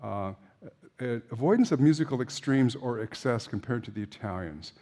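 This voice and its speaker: A man's voice: mid-range voice, lively intonation, moderate pace, warm tone. An older man giving an informal opera lecture to a class, chatty and anecdotal, with frequent fillers and restarts.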